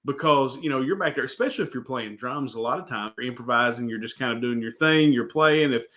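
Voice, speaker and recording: A man's voice: medium pitch, fast talker, sharp tone. A man hosting a casual interview, talking enthusiastically and rambling with lots of fillers. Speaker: interview host.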